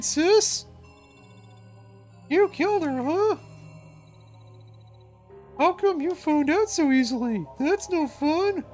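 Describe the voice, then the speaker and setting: A man's voice: extremely high pitch, pitched above the performer's own voice, exaggerated voice. A man voicing a creepy little girl in an eerie sing-song manner, reading game dialogue aloud.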